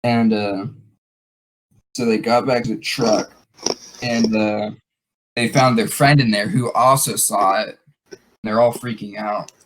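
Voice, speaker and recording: A man hosts a casual podcast and tells a story. He rambles along with plenty of fillers and restarts. His voice sits a little low. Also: fairly even intonation, a little slow, long pauses, slight background noise, poor audio. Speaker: podcast host.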